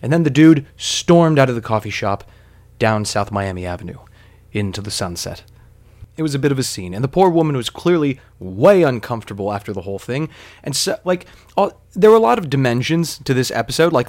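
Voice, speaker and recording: A man telling a long story in a casual, rambling way, wandering into digressions and scattering fillers as he goes. His voice sits at an ordinary pitch. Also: lively intonation, fairly quick.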